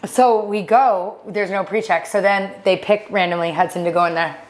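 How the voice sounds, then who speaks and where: A woman co-hosting a podcast, telling a story in animated casual chat with quick asides. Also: mid-range voice. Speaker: podcast co-host.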